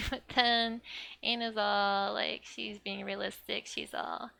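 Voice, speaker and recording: Slow, gravelly, bright young woman teaching. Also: on the high side, steady tone. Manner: chatty, laughs often, filler "like". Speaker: language teacher. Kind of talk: casual explanatory lesson.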